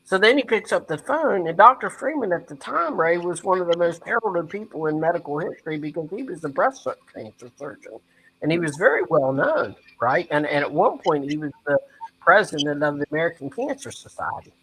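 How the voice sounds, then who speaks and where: A man from West Virginia, a guest in an interview, telling a story in an earnest, animated way and speaking to the host by name. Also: on the high side, fairly quick, breathy edge, poor audio. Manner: animated, acts out quoted dialogue.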